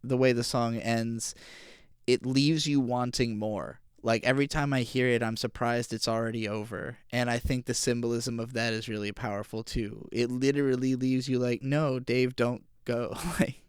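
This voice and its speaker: A man's voice: medium pitch, steady tone, normal speed, smooth, no echo, clean studio sound. Rambling man talking about music. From Virginia, USA. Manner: rambling, emotional, many fillers. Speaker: music reviewer. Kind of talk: casual album review monologue.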